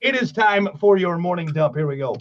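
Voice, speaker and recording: Man, high voice, morning radio host, jokey animated banter, studio mic, slightly muffled sound. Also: fairly quick. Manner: animated, jokey, swings loud and soft.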